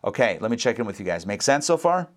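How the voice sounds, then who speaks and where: A man teaching a scripture lesson to a class, acting out the characters' lines with sudden jumps up in pitch and making chatty asides to his listeners. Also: very animated, quick pace. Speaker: rabbi teaching Torah class.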